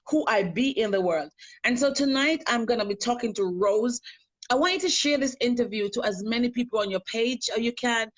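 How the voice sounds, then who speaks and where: Earnest woman coach hosting a live stream. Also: fairly high pitch. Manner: earnest, repetitive, emphatic. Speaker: host and life coach.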